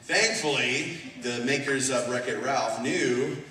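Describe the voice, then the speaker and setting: A man speaking as a guest on a convention panel, animated and laughing often as he answers fan questions. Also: medium pitch, slow, a little hiss or hum. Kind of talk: live Q&A panel. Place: large convention hall. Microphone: far recording from the audience. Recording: echoey hall recorded from far off, crowd.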